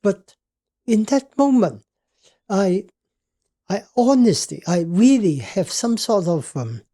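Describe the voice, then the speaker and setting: An older man as a podcast guest, telling a personal story in a halting way, searching for words. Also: sits high, sing-song, mellow.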